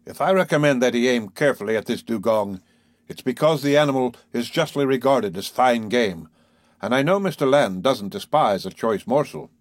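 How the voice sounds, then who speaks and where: A man voicing a calm, commanding male sea captain, speaking in a measured, formal way in a read-aloud story. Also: mid-range voice, no room sound, clean studio sound, lightly acted.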